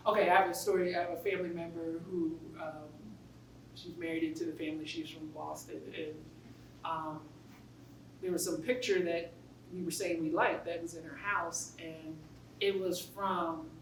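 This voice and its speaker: A middle-aged woman with a New York accent, a guest speaker chatting casually in a classroom with animated storytelling. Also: fairly low pitch, moderate pace, a little hiss or hum. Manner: animated storytelling, laughs often. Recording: roomy classroom from a distance.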